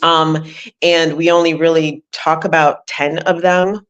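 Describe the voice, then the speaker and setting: A woman's voice: low voice, flat delivery, a little slow, highs cut off. A woman hosting an interview as a life coach, encouraging and reflective, speaking straight to her listeners. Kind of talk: conversational interview.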